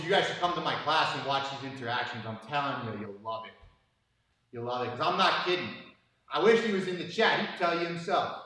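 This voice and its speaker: A man's voice: fairly high pitch, sing-song, fairly quick, bright, forceful tone. Man coaching in a very echoey gym. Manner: casual coaching talk full of fillers. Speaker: jiu-jitsu instructor. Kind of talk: live instructional stream. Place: gym mat room. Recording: very echoey room, voice far from mic.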